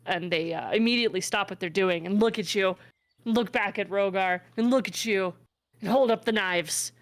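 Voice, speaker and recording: A woman running a tabletop game as game master, narrating scenes for the players. She talks in a loose, chatty way with plenty of fillers. Her pitch sits in the middle of the range. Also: normal speed. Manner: chatty, full of fillers and laughs.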